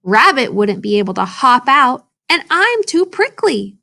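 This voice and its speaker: A woman's voice: sits high, big pitch swings, unhurried, gravelly, pushed and bright, voice pushed up, heavily acted. A woman voicing a worried, caring hedgehog in a storybook read-aloud.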